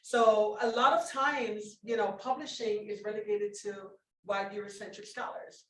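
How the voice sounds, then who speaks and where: A woman's voice: mid-range voice, steady tone, moderate pace, fairly bright tone, a little hiss or hum. A woman speaking as a publisher on a panel, earnest and often adding "you know" and "right?". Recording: roomy, distant audio.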